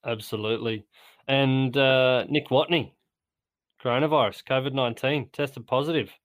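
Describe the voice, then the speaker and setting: A man's voice: mid-range voice, fairly even intonation, moderate pace, no room sound. A man chatting casually as a golf podcast co-host, hesitant and repeating words as he thinks. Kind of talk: casual sports chat.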